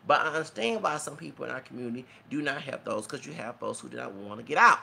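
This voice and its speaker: A man's voice: mid-range voice, expressive, fast talker, gravelly, pushed and bright, slightly rough. A man giving an emotional, preachy, rambling rant as a vlogger. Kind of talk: impassioned rant to camera.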